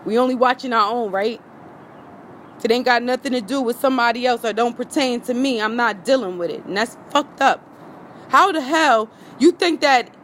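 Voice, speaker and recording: This woman's voice sits high with a fairly bright tone, and a faint hiss or hum runs beneath it. Livestreaming outdoors from her phone, the vlogger delivers an impassioned, swear-laden rant, pounding her points again and again.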